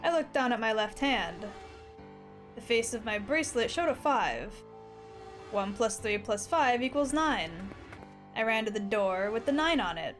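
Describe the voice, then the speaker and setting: A woman's voice: fairly high pitch, expressive, unhurried, a bit bright, faint music behind. A woman streamer reading a visual novel aloud with dramatic narration, breaking off for crude jokes and laughter.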